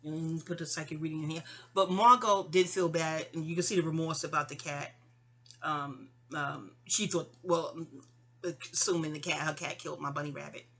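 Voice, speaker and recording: Low-pitched and fairly bright, this woman speaks at a moderate pace with a steady tone. She's a middle-aged vlogger with a New York accent who casually rambles through a story from her own life, digressing often amid fillers and restarts.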